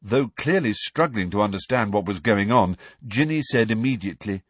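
Brief: male narrator, audiobook reading, lively pitch, dry sound. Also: normal speed, husky, no room sound. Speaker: reader.

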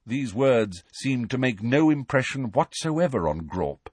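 A man's voice: medium pitch, sing-song, a little slow, a little mellow, slightly rough, no room sound. A man narrating an audiobook with a dramatic, varied storytelling delivery.

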